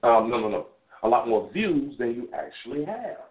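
A man's voice: medium pitch, sing-song, normal speed. Thirties male host, casual call-in radio monologue, candid and profane, phone-line sound with echo. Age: 30s. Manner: loose, rambling, candid and profane. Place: in a car while driving. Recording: tinny phone line, echoey.

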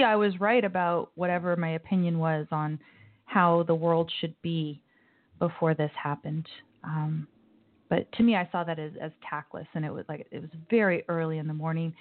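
A woman hosting a call-in talk show, chatting in a loose, opinionated way with asides. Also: on the low side. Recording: tinny phone-like sound.

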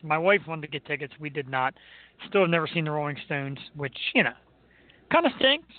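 A man's voice: a little high, fast. A man hosting a radio show, chatting casually in a joking, self-mocking way. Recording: tinny phone-like line.

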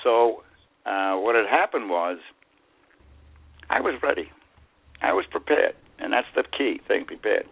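Man in his eighties, Boston accent, lowish voice, rambling storyteller, tinny phone sound. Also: big pitch swings, a little slow, vocal fry, long pauses, slightly rough. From USA. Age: 80s. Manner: rambling anecdotes, hesitant fillers. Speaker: guest. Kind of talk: storytelling interview. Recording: phone line.

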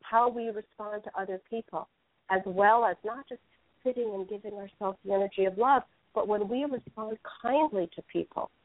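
A woman's voice: medium pitch, normal speed, dry recording. A woman speaking as a spiritual teacher in a casual radio interview, telling stories in an earnest way. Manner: earnest storytelling. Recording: phone-like narrow dry sound.

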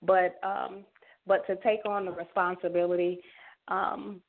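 A woman poet answering interview questions, hesitant and soft-spoken, with many pauses and fillers. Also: on the low side, flat delivery. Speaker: guest poet. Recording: phone-like line.

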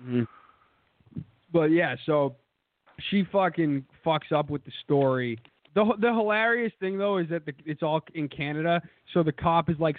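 A man's voice: fairly high pitch, normal speed, phone-quality sound. A man co-hosting a podcast, retelling stories in a profane way and putting on mocking voices. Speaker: podcast co-host. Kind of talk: casual storytelling chat.

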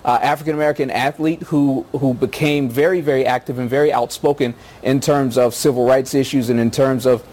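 A man's voice: medium pitch, steady tone, fairly quick, few pauses, darkish tone. A man giving thoughtful political analysis on a news panel, with frequent hesitations. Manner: thoughtful, with many uh fillers. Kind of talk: measured news panel commentary.

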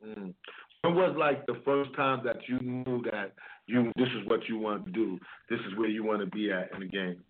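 A man hosting a radio interview show, talking in an energetic DJ patter full of repeated catchphrases. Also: fairly low pitch, normal speed. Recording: tinny phone-like sound.

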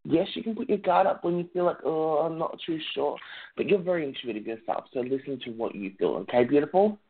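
A man giving a chatty, flattering psychic reading to a caller on a radio show. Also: on the high side, fast, breathy edge. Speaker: psychic reader, guest. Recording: tinny phone line with noise.

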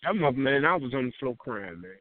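This man co-hosts a radio talk show and tells stories in loose, profane chatter, animated and swearing often. His voice is medium-pitched and he talks fast. The recording is dry, with a narrow, phone-like band.

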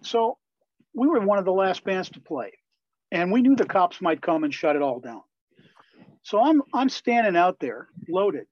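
An older man from Wisconsin tells candid, lively stories as an interview guest. His voice sits fairly high. The sound is dry and a bit dull, with a lo-fi edge. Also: normal speed, dry recording. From Wisconsin, USA. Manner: lively, candid anecdotal telling. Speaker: guest, Christian musician and pastor. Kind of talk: storytelling in a conversational interview.

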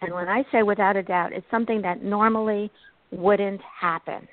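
Brief: expressive woman medium, interview guest, dry phone-line sound. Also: mid-range voice, normal speed, dry recording. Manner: animated, expressive storyteller. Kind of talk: interview storytelling.

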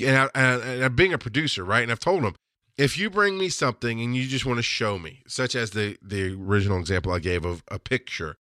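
A man's voice: medium pitch, bright, forceful tone, no room sound, studio quality. A man in his thirties or forties hosting a casual solo podcast, telling rambling stories and acting out the people he quotes. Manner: rambling storyteller who acts out quoted voices. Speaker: podcast host.

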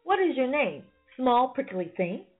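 A woman's voice: high voice, sing-song, measured pace, full character voice. A woman voicing a big, boastful male rhinoceros in a bedtime story, breaking into laughter. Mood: gruff. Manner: bursting into laughter. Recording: phone-like lo-fi sound, faint music.

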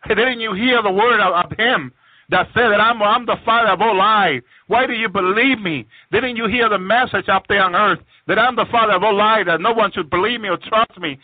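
A man's voice: high-pitched, a little fast, no echo, pitched above the performer's own voice. A man putting on a gloating, taunting Satan. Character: mocking Satan laughing at the damned. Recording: tinny phone-line audio, dry.

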